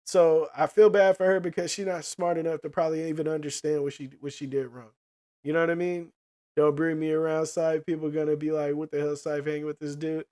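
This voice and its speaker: Man, streamer, casual profane chat, slightly high voice, lots of "you know what I mean". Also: level tone, a little fast, a little mellow.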